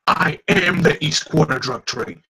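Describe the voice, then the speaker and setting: A man voicing an arrogant adult male drug dealer in a comic read aloud, raising his voice high and drawing words out. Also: creaky, breathy edge, heavily acted, rough recording. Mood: blustering. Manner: loud, high and drawn-out.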